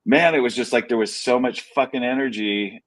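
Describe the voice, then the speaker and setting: A man's voice: medium pitch, fairly quick, low-quality recording. A man hosting a casual interview, enthusiastic, with short agreeing replies. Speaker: podcast host.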